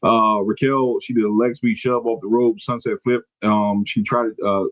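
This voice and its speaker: A man's voice: lowish voice, little pitch movement, normal speed, dry recording, muffled recording. A man hosting a podcast, recapping casually from his notes, rambling and correcting himself as he goes. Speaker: podcast host. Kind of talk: casual wrestling recap chat.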